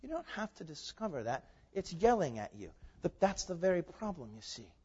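A man preaching a sermon in a church, lively and emphatic, moving between loud declarations and quiet asides. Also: high voice, moderate pace, husky. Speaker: pastor. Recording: dull sound with long hall reverb.

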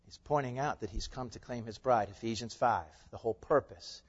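A male pastor preaching an impassioned sermon, firing off rhetorical questions and swinging between hushed and loud passages. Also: mid-range voice, a little fast, slightly rough. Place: church sanctuary. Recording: dull lo-fi recording with long hall reverb.

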